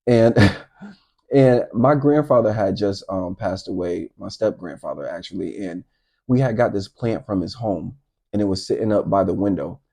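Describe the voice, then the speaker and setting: A middle-aged man telling a personal faith testimony in a casual, animated way, talking straight to his viewers. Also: lowish voice, normal speed, vocal fry. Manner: animated, addresses viewers directly. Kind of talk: casual storytelling to camera.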